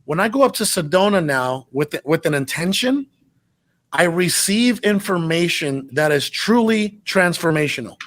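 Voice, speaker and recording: A man's voice: a little high, lively intonation, normal speed, fairly bright tone. A man hosting an interview, asking probing questions with enthusiasm. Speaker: host. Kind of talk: interview conversation.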